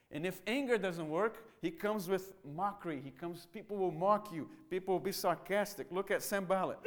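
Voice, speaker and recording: A man preaching a sermon, who talks in a lively way and acts out the mocking voices of other people. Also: high-pitched. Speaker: pastor. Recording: church sermon audio.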